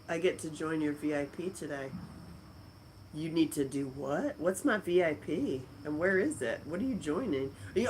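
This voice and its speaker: A woman's voice: low voice, a little hiss or hum, poor audio. A middle-aged woman hosting a casual live stream, chatting and laughing as she answers viewer comments from a friend's house. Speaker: livestream host.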